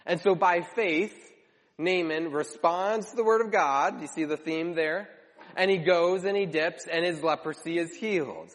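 A man delivers a sermon in a fairly high voice, retelling scripture as lively storytelling with repeated phrases and animated quoted lines. His voice rings out with a long reverb, as in a large church hall. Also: measured pace. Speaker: preacher.

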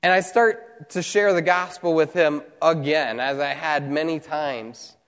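A man preaching a sermon as pastor, telling a story with earnest, animated delivery and dramatic pauses. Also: on the high side, clear, resonant tone, long reverb tail. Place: church hall, also streamed online.

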